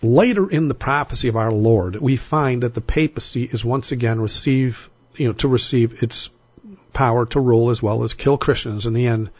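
A man teaching Bible prophecy in a recorded sermon, talking conversationally and slowing down to stress the scripture he reads. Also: mid-range voice, a little mellow, slightly rough, no room sound, highs cut off.

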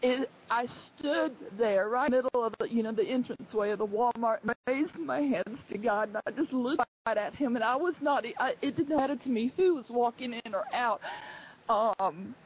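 A woman giving a personal testimony to her church, speaking earnestly and haltingly, with many restarts. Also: a little high, highs cut off, slight background noise.

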